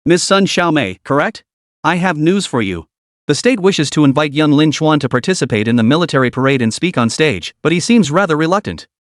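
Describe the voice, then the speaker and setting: A man voicing a calm, faintly mocking middle-aged official in a read-aloud story. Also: on the high side, fairly quick, no echo, clean studio sound, lightly acted. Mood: amused. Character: sly middle-aged male official, amused.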